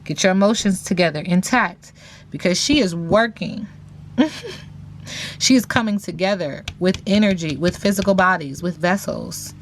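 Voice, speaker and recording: A woman's voice: medium pitch, slight background noise. A woman giving a casual tarot reading, talking in a sassy, slang-heavy way with playful teasing asides to viewers. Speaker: tarot reader.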